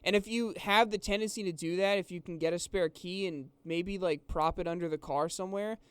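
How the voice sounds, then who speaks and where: A man's voice: high-pitched, steady tone, fairly quick, smooth, no echo. A young man telling a rambling story, exasperated and restarting his sentences often. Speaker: vlogger. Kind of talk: casual storytelling.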